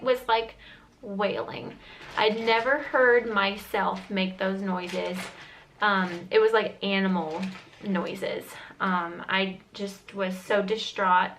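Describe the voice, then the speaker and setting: A woman's voice: mid-range voice, a bit bright, slight background noise, poor audio. Earnest young woman vlogger retelling a story. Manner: earnest, emotional retelling with frequent "like" fillers. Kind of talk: chatty personal storytelling.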